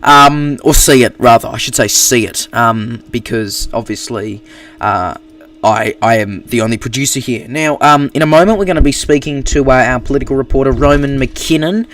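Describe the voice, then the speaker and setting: A man's voice: medium pitch, a bit bright. Australian male anchor, improvised live-stream news, stop-start delivery, distant mic. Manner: halting, many fillers and restarts.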